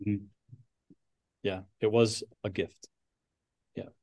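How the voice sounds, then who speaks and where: A man's voice: lowish voice, flat delivery, slow, darkish tone. A man teaching a Bible class, thinking aloud with frequent restarts and putting questions to his students.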